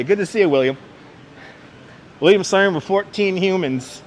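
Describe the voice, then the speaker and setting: A man with a high-pitched voice speaks at a normal pace while hosting a live stream on a walk through city streets. He chats, reads the chat aloud, and greets viewers by name. He's on a wireless clip-on mic, and faint street and traffic noise sits in the background.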